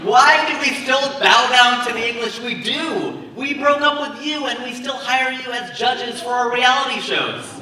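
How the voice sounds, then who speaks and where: A man doing a stand-up comedy set at a wedding, working the crowd with animated, laughing asides. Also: very high voice, moderate pace, hardly any pauses. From United States. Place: wedding reception venue. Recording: roomy, far-off mic with loud crowd.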